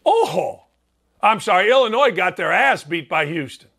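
A man with a Chicago accent hosts a sports talk show, and his voice sits high for a man. He talks bluntly and brashly, and he is quick to poke fun at himself. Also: big pitch swings, fairly bright tone. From Northwest Indiana. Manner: blunt, brash, self-mocking. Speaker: sports radio host.

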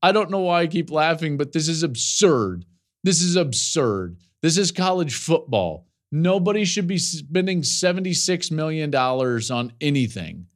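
Animated man riffing on college football. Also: fairly high pitch. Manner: animated, laughing storyteller with quick asides. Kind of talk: podcast commentary.

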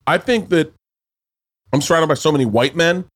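A man hosting a podcast in casual chat, rambling and swearing with quick restarts. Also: fairly high pitch. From Southern United States. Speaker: podcast host.

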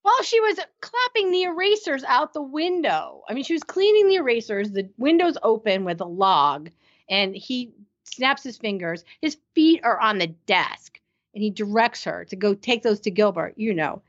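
A woman's voice: medium pitch, animated, normal speed. A woman co-hosting a casual episode recap, enthusiastic and laughing often. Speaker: podcast co-host. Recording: slightly muffled sound.

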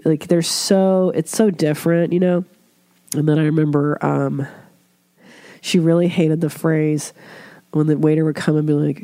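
Woman podcast host with a cold: stuffy, chatty, loose-mouthed, with a dark, dry tone. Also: sits low, steady tone, moderate pace, no room sound. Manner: chatty, swears freely, puts on voices when quoting others. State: congested from a cold. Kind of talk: casual chat.

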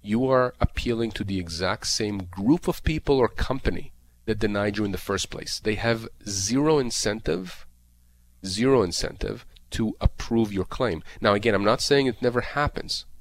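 Man, lawyer advising on air, emphatic, repetitive, fairly low voice. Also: moderate pace. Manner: emphatic, repetitive explaining with many fillers. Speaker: disability lawyer guest expert. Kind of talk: radio call-in advice.

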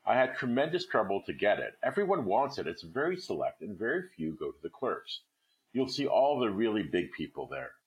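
Guy doing a nervous stammering husband, deep voice with lots of lift, story reading. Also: very animated, brisk. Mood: pleading. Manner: stammering, anxious to please. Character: timid eager-to-please clerk husband.

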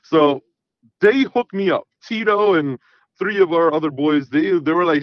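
On a dry, muffled recording, a caller in his thirties spins a long, meandering story for a call-in show. He speaks a little slowly in a slightly high voice and keeps leaning on fillers such as "you know what I mean."

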